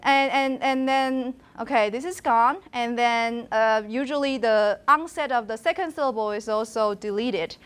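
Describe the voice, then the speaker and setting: High-voiced woman lecturing. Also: normal speed, few pauses, clear, resonant tone. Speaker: university linguistics lecturer. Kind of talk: classroom lecture. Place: classroom.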